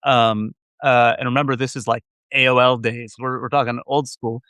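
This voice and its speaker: A man's voice: mid-range voice, flat delivery, normal speed, sharp tone, clear, resonant tone, dry recording. A man, a guest on a video call interview, telling rambling, self-deprecating stories from his computer with many restarts. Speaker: guest, venture investor. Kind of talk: casual interview storytelling.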